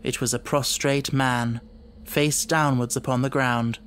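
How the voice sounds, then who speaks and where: A man narrating an audiobook in a steady, dramatic storytelling manner. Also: medium pitch, a little slow, a little hiss or hum.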